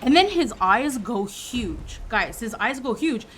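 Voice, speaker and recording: A woman in her thirties from Quebec, a streamer telling a story to her chat in a casual, animated way. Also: on the high side, a little slow, slight background noise. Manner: animated, acts out quoted voices.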